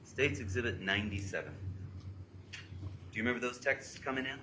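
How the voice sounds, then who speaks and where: A man's voice: mid-range voice, brisk, sharp tone. Methodical male attorney questioning a witness. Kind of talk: courtroom examination. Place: courtroom. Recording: noisy courtroom audio.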